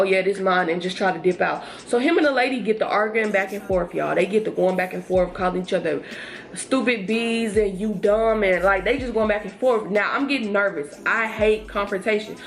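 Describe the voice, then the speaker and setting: A young woman vlogger casually telling a storytime to her viewers while getting ready, chatty and animated. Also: medium pitch.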